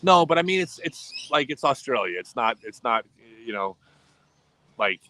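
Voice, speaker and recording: A man's voice: medium pitch, sing-song, normal speed, bright, forceful tone, dry recording, poor audio. A middle-aged man chatting casually on a livestream, rambling and often restarting his sentences. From United States. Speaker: livestream host.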